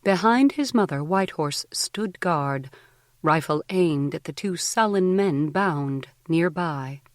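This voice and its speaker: A woman narrating an audiobook in a measured, earnest storytelling manner on a close mic. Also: low voice, a little mellow, no room sound. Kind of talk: scripted narration.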